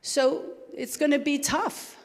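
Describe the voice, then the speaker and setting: A woman with a New Jersey accent talks fast and conversationally, her voice carrying a long reverb around a church hall. She speaks as a guest answering questions from the audience. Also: high-pitched, fairly even intonation.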